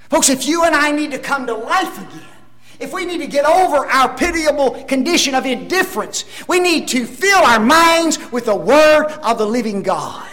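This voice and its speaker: A man preaching a sermon, emphatic, with rhetorical tag questions and dramatic swings between loud declarations and hushed asides. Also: very high-pitched, lively intonation, normal speed. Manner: addresses the congregation as folks.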